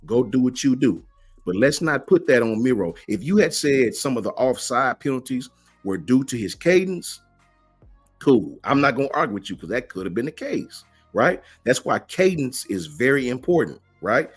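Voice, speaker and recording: A man with a husky, mid-range voice and big pitch swings hosts a college football fan livestream over soft background music. He answers the chat at a moderate pace, emphatic and slangy, firing off rhetorical questions and repeatedly asking "right?"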